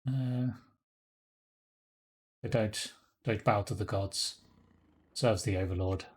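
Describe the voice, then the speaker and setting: A man's voice: lowish voice, slow pace, a little mellow, husky. A man giving casual, dry commentary while he plays a game. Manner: dry, wry, chuckling asides. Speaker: streamer.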